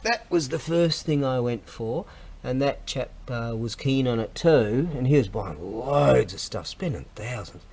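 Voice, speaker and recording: A man's voice: medium pitch, lively intonation, a little slow, vocal fry, a little mellow, husky. A middle-aged man, chatting casually and rambling in a vlog, often losing his thread and laughing. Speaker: vlogger and antiques seller.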